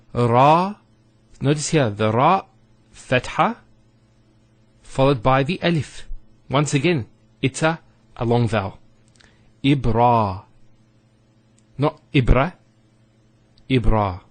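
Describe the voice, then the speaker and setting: A man teaching a recorded Arabic lesson, speaking deliberately and drawing out vowels to show pronunciation. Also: medium pitch, no echo.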